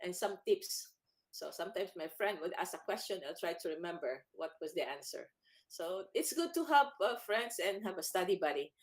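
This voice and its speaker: A woman hosting a church children's program, encouraging and quick to laugh, with frequent restarts. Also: on the low side, lively intonation. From United States. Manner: speaks haltingly, restarting words. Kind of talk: casual teaching chat over a call.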